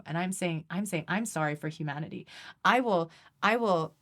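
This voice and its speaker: Woman guest, low voice, earnest and emphatic, conversational interview. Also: fairly even intonation, moderate pace. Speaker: guest energy healer.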